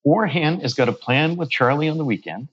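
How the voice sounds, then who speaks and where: A man's voice: a little high, a little fast, breathy edge, highs cut off. A man, a guest medium on a podcast, telling a story and acting out the voices of the people in it, with frequent restarts and repeated words. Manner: acts out quoted dialogue while retelling a story.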